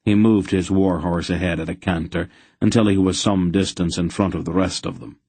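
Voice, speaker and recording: A man narrating an audiobook in a steady, even storytelling manner. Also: sits low, normal speed, slightly rough, dry recording. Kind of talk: scripted narration.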